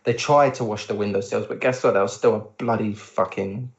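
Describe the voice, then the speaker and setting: A young man co-hosting a podcast in casual chat, animated when telling stories and acting out what others said, swearing freely. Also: fairly low pitch, fairly quick. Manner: animated storytelling, acts out quotes, swears. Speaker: podcast co-host. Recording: roomy, dull lo-fi sound.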